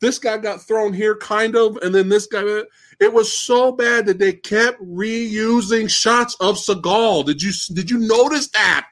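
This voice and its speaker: A man hosting a live-stream movie discussion who rants in an excitable, incredulous, profane way. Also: sits high, unhurried. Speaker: host.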